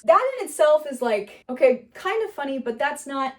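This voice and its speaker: A woman with a slightly high voice talks through the structure of a comedy sketch in a loose, chatty lesson. She is animated and laughs often. She jumps into quick acted bits of the lines she describes. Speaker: comedy writing teacher. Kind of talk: casual explainer lesson.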